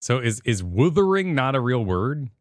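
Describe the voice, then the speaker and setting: A man's voice: medium pitch, big pitch swings, moderate pace, no echo, clean studio sound. A young man from Virginia with a Virginian accent, co-hosting a podcast in rambling casual chat. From Virginia, USA. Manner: rambling, laughs loudly, trails off. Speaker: podcast co-host.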